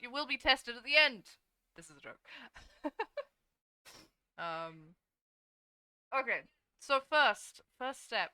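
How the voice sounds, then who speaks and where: Bright, clear-voiced chatty woman streamer. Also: mid-range voice, no room sound. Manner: chatty, sleepy, yawning, swears casually. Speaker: VTuber streamer. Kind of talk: casual live-stream chat while drawing.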